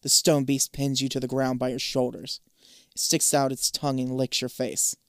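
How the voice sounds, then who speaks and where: A man's voice: medium pitch, flat delivery, normal speed, noisy background. A man reading a choose-your-own-adventure book aloud in a casual way, swearing offhand between passages. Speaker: gamebook reader.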